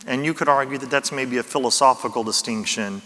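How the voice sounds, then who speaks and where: Man, Louisiana accent, bright forceful voice, folksy lecture, long reverb of a big hall. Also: medium pitch, brisk. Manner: folksy, self-deprecating humor. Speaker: conference speaker. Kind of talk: conference talk with jokes.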